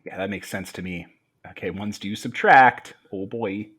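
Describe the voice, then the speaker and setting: A man's voice: fairly low pitch, fairly bright tone, husky. A man playing a tabletop game, joking and playful in casual chat. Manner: jokey, quick, playful. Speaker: player.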